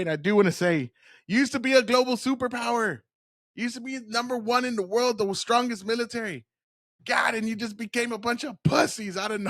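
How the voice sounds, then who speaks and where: A man's voice: sits high, a bit bright, no room sound, studio quality. Heated, mocking man ranting to camera. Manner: heated, mocking, laughs often. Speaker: commentary video host. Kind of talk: profane reaction commentary.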